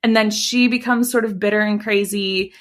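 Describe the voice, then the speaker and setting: A woman's voice: mid-range voice, fairly even intonation, moderate pace. A woman co-hosting a podcast, chatting casually about a film and quoting characters. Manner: chatty, swears, plays out characters' lines. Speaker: podcast co-host. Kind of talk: casual chat recapping a film.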